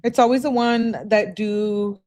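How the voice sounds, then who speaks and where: A woman's voice: mid-range voice, fairly even intonation, measured pace, a little mellow. A woman hosting a true crime channel, reading text messages aloud to her viewers and adding casual, chatty commentary.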